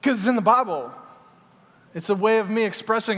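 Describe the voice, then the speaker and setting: Man preacher with a high voice, fiery yet chatty, long church-hall reverb. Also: fairly quick, long pauses. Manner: energetic, swings between loud exhortation and quiet asides. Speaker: pastor. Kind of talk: sermon. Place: large church sanctuary.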